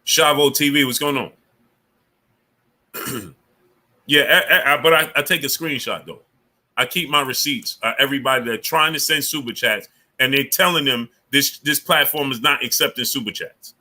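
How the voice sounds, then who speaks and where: A man's voice: mid-range voice, moderate pace, bright, forceful tone. A man hosting a casual live stream, greeting viewers by name and grumbling with indignation about the platform. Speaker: livestream host.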